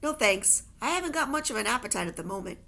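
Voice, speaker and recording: Woman doing a cool knowing girl from a storybook, bouncy pitch, kinda gravelly. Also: lively intonation, fast, bright, forceful tone, heavily acted.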